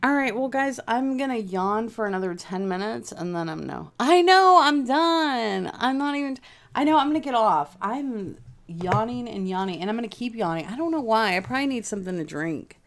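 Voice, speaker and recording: A woman's voice: on the high side, lively intonation, fairly quick. A woman hosting a casual crafting livestream from home, rambling chattily and answering viewers' comments by name.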